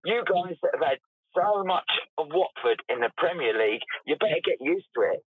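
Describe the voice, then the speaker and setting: A man's voice: fairly high pitch, husky, no echo, phone-quality sound. A man ranting as an emotional football fan caller, indignant and apologetic by turns.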